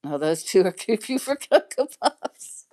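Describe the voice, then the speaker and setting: A woman's voice: medium pitch, big pitch swings, a little slow, darkish tone. A middle-aged woman chatting casually on her livestream, rambling and laughing often. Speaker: livestream host chatting with viewers.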